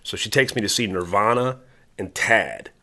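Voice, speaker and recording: A man's voice: fairly low pitch, moderate pace, bright, forceful tone. A man in his forties, a podcast guest, telling laid-back, profane stories in casual chat. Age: 40s.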